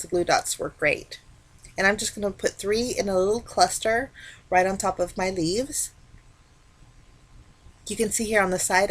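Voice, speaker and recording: A woman talking casually through a card-making tutorial, explaining each step in a relaxed, chatty way. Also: medium pitch, husky. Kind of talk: casual craft tutorial narration.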